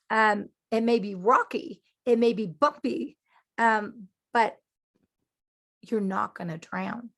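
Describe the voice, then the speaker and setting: High, gravelly woman preaching conversationally. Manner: animated, checks in with listeners often. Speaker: Christian teacher and podcast host. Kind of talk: conversational sermon teaching.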